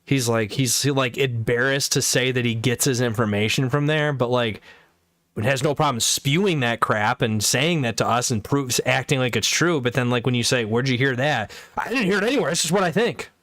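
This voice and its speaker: A man's voice: mid-range voice, fairly even intonation, normal speed, a bit bright, dry recording, clean studio sound. A man streaming live, chatting casually in a rambling, profane way full of fillers and restarts. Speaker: livestreamer. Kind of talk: casual chat.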